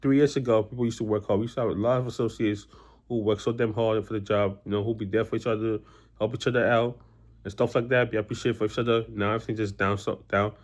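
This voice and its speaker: A man's voice: fairly low pitch, steady tone, quick pace. A young man vlogging casually about his own experiences, rambling with lots of restarts and fillers. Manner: rambling, many restarts and "you know" fillers. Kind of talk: casual personal storytelling to camera.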